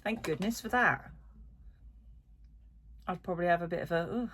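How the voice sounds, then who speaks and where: A middle-aged woman rambles cheerfully through a yarn haul for her crochet channel, full of ums and side comments. Her voice sits a little low for a woman. A faint hiss runs under the recording. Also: normal speed. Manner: chatty, lots of ums and asides. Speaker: crochet vlogger. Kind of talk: casual chat while unboxing.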